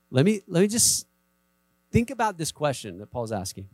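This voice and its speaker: A man preaching a sermon as a pastor speaks conversationally in a mid-range, sing-song voice with a darkish tone at a moderate pace. He acts out short quoted voices and leans on emphatic repetition, and the recording has no room sound.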